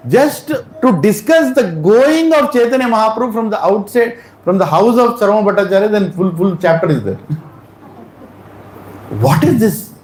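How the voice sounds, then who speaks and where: A man giving an animated storytelling sermon at a temple Sunday feast, acting out the lines of the people in his story. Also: sits high, normal speed. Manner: animated, acts out dialogue in changing voices. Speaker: devotional speaker. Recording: echoey hall, faint room noise.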